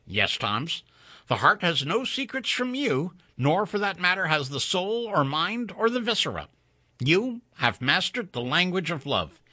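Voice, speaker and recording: A man voicing a genial teacher who speaks in a brisk, assured, lightly teasing way. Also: high voice, sing-song, pushed and bright, dry recording, studio quality, pitched above the performer's own voice, heavily acted. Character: genial teacher of the science of love.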